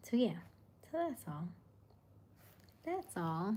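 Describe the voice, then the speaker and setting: A woman's voice: on the low side, fairly even intonation, a little slow. Soothing-voiced woman chatting on a livestream. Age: 30s. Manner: chatty, often drops to a soft murmur. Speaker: livestream host. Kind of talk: casual live chat reading comments.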